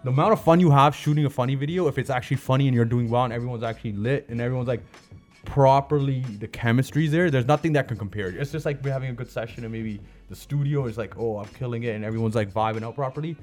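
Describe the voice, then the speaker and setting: Canadian man, podcast guest, mid-pitched, loose slangy storyteller, faint music under. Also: quick pace, darkish tone. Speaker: guest, comedian and chef. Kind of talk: casual interview chat.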